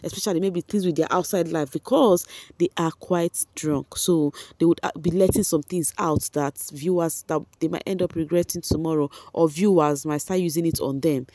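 A Nigerian woman commenting on a reality show in a casual, excitable way, laughing often and talking straight to her viewers. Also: low voice, moderate pace, no echo.

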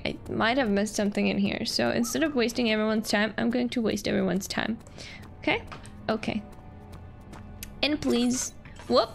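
High, gravelly joking woman streamer. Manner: joking, rambling, talks over the game. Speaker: game streamer. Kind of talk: casual gameplay commentary.

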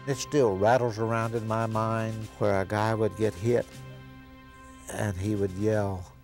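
Gravelly older man, earnest interviewee. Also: fairly low pitch, level tone, a little slow, a little mellow, faint music behind. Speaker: former navy corpsman interviewee. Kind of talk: recounting memories in an interview.

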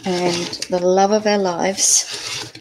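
A woman's voice: lowish voice, little pitch movement, extremely slow, noisy background. An older woman from Scotland with an Australian accent, hosting a casual live craft stream from home at her crafting table, chatting to viewers and musing aloud over measurements. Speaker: craft channel host. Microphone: camera at a crafting table.

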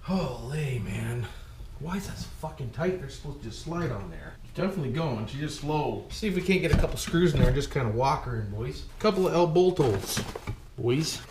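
A Canadian man rebuilds an engine while giving casual, jokey commentary, talking to himself and calling his viewers "boys." His mid-range voice is animated and fairly quick, recorded in an echoey room with background noise.

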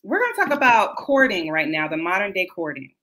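A woman's voice: lowish voice, sing-song, a little fast, bright, forceful tone. A woman hosting a casual livestream chat over a video call, chatty and explaining as she tells stories. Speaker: host.

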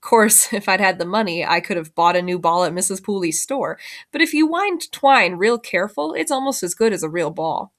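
A woman's voice: mid-range voice, expressive, moderate pace. A woman, a teacher, reading a novel aloud expressively and voicing the characters.

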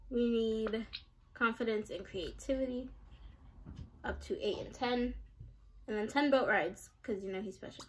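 A woman's voice: fairly high pitch, slight background noise. A woman giving casual gaming commentary, chatty, giggly and self-deprecating. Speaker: game streamer.

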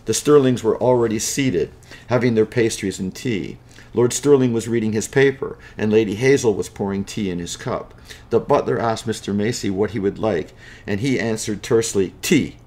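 A man narrating a spooky storybook tale in a dramatic, measured way. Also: fairly low pitch, a little mellow.

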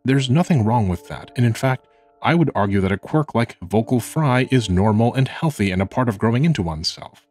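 A young man with a slight vocal fry, narrating a scripted video essay in a measured, earnest, reflective way. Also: medium pitch, animated, darkish tone, faint music behind.

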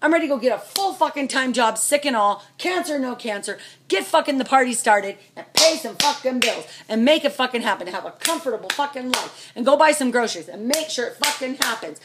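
A middle-aged American woman venting furiously to camera, swearing constantly and swinging between loud outbursts and low, seething mutters. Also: animated, fairly quick, few pauses, noisy background. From United States. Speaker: vlogger, trucker's wife. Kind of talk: angry venting rant to camera.

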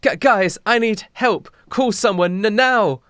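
A man's voice: high-pitched, unhurried, fairly bright tone, dry recording, clean studio sound, voice pushed up. A man voicing a distressed young man in a melodramatic story, crying out in overwrought pleas. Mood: anguished. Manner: overwrought, pleading cries.

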